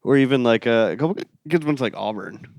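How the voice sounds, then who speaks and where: A man's voice: medium pitch, expressive, fast talker, gravelly, darkish tone, dry recording. A young man from Florida, a comedian guest on a casual podcast, laid-back and joking with dry asides.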